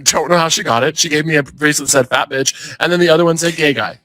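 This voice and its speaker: A young man, a stand-up comedian, chatting as a podcast guest and telling animated stories with acted-out quotes. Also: on the high side, fast talker, no echo. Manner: animated storyteller, acts out quotes. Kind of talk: casual chat.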